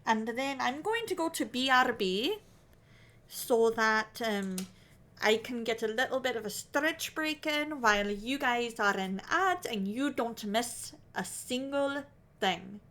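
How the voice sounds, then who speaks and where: A woman livestreams her crochet work, chatting casually in a put-on Scottish accent and thinking aloud about whether she is doing it right. Her voice is on the high side, animated, slow and fairly bright.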